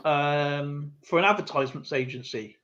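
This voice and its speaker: A man's voice: fairly high pitch, normal speed, fairly bright tone. A man hosting a live stream, telling a rambling anecdote in a casual, chatty way with lots of fillers and asides. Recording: slightly muffled lo-fi stream audio.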